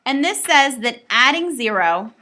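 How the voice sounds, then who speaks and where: A woman's voice: high voice, big pitch swings, measured pace, sharp tone. A woman teaching a recorded math lesson, explaining step by step with playful asides to her students.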